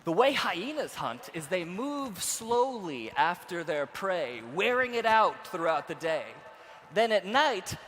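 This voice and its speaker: A young man giving a storytelling keynote speech to a conference audience in a large hall, going from quiet narration to shouted excitement. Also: sits high, slight background noise. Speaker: keynote speaker. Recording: reverberant hall with faint ambience.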